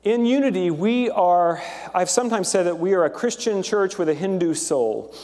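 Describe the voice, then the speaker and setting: A male pastor giving a sermon in a church, chatty and animated, with fillers as he tells a joke and lays out his points. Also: sits high, normal speed. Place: large church sanctuary. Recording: long hall reverb.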